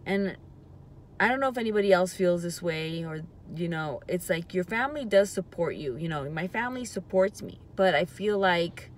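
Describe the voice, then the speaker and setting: A woman's voice: lowish voice, animated, moderate pace, a little hiss or hum. A woman vlogging from a parked car. She is emotional and close to tears, and she talks hesitantly, rambling and trailing off. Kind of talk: casual confessional vlog. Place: parked car in a parking lot.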